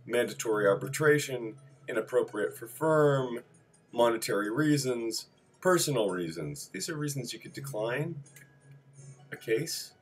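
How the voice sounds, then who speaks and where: A husky, medium-pitched man reads clipped civil procedure notes aloud as a list on a rough recording. He slips in dry asides and apologizes as he backtracks.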